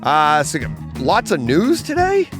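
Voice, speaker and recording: A man with a voice pitched a little high, telling a story with big swings in his intonation and laughing along with his own jokes. He is co-hosting a relaxed podcast from a comic book store, with faint music underneath. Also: a little slow. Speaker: podcast co-host. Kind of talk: casual chat.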